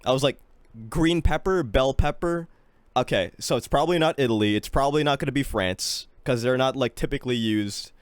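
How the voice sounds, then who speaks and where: A man's voice: mid-range voice, fast, hardly any pauses, no echo, clean studio sound. A man streaming a guessing game, chatting casually, swearing freely and poking fun at himself. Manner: swears freely, animated and self-mocking. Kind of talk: casual live-stream commentary.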